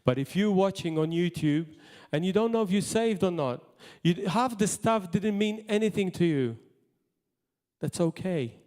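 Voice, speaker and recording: A man preaching a sermon as pastor, in impassioned bursts that drop to quiet asides. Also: high voice, lively intonation, normal speed. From Malta. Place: church hall. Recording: long hall reverb.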